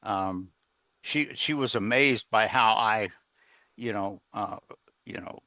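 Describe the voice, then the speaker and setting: Earnest middle-aged man, bright forceful tone. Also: lowish voice, slow pace, creaky, no room sound. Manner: rambling, with many fillers and restarts; earnest, plain-spoken. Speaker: guest, executive coach. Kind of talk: conversational storytelling in an interview.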